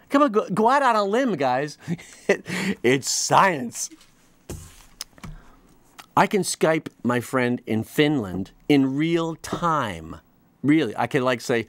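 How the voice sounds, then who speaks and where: A man hosting his own comedy show, delivering a rambling, animated monologue full of restarts and quick mock voices. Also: fairly high pitch, dry recording. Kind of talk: comic monologue.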